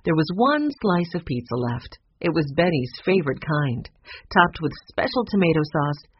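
A narrator reading a children's story aloud in an expressive, animated way, in a dull lo-fi recording. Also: medium pitch, normal speed, slightly rough. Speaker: audiobook narrator.

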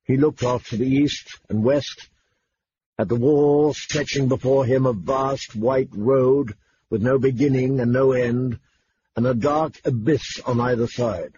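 A man reading a novel aloud as an audiobook narrator, in a steady, measured storytelling manner. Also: mid-range voice. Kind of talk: scripted narration. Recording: dull lo-fi with faint hiss.

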